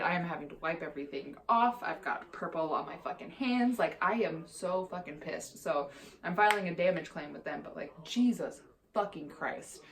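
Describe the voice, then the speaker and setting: Low-voiced young woman telling a story. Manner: profane, candid and exasperated storytelling. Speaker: vlogger. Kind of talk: casual storytime vlog.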